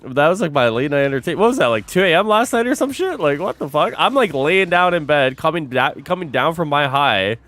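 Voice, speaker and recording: This young man streams and talks with his viewers in a fairly high voice, delivered briskly with few pauses. He's animated, swears often, and can't stop saying bro.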